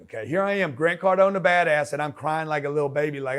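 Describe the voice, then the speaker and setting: A man's voice: fairly high pitch, fast talker, few pauses, fairly bright tone. A man giving a blunt, slangy motivational talk, punchy and direct, often acting out quoted voices. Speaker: motivational business speaker.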